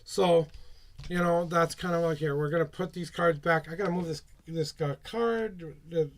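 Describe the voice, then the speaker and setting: A man's voice: fairly high pitch, normal speed. A man reading tarot on a live stream, chatty, rambling and upbeat as he talks to his viewers.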